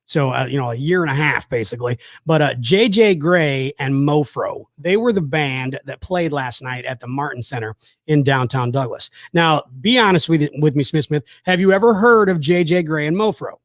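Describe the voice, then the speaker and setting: A man's voice: fairly high pitch, normal speed, dry recording, studio quality. A man hosting a casual chat, telling rambling, enthusiastic stories with lots of fillers. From South Georgia, USA. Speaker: host.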